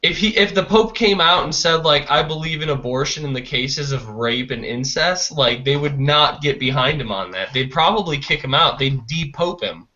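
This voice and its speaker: A man's voice: on the high side, moderate pace, hardly any pauses, pushed and bright. Rambling man saying "like" a lot. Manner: loose, rambling, full of "like". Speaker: podcast co-host. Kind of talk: casual live-stream panel talk. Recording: muffled lo-fi stream audio.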